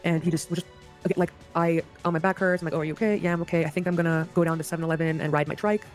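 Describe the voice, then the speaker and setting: A woman's voice: fairly low pitch, little pitch movement, very fast, soft background music. A woman being interviewed, recounting a story in a hesitant way, often correcting herself and quoting what others said.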